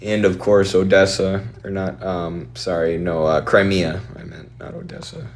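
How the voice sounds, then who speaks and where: A man streaming and answering viewer questions in a quick, offhand, opinionated way. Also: deep voice, little pitch movement, slight background noise.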